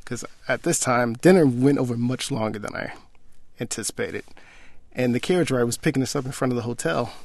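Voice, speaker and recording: A young man casually telling a personal story, animated and acting out the quoted dialogue. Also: mid-range voice, a little fast, creaky, no room sound.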